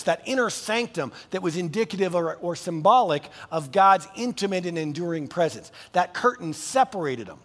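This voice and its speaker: Guy pastor preaching, high voice, chatty and animated, big hall echo. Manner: animated, conversational preaching with casual asides. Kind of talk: sermon.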